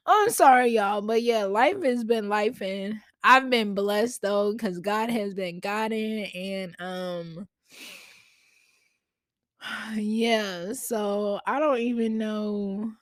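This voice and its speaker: A woman hosts a casual solo podcast from home, chatting in slangy fashion directly to her listeners through a podcast mic at her laptop. Her voice is medium in pitch, she draws out her words, and the recording is dry.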